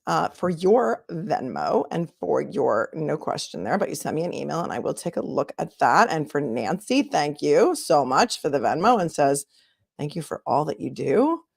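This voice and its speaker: A woman attorney hosting a livestream in a low voice, talking casually to her viewers and reading out their messages. She slips into theatrical whispers now and then. The sound is dry and close on the mic. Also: big pitch swings, measured pace, gravelly, husky, no echo. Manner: chatty, drops into dramatic whispers; reads viewer messages aloud. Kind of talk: casual livestream legal commentary.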